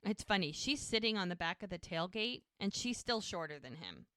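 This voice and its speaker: A woman's voice: lowish voice, sing-song, brisk, fairly bright tone, no echo, studio quality. A woman co-hosting a podcast, casually retelling a TV episode scene by scene and slipping into the characters' quoted lines as she goes. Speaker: podcast co-host.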